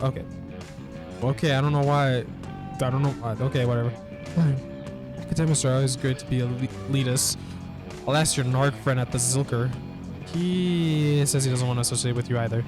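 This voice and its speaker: A man's voice: medium pitch, normal speed. A man playing a narrative game, reading its text aloud and reacting with frequent laughter and swearing. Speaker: gameplay streamer. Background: background guitar music.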